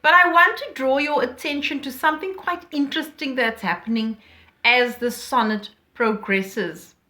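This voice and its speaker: A woman teaching a poetry lesson, talking slowly and deliberately and reading lines aloud with emphasis. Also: sits high, sharp tone.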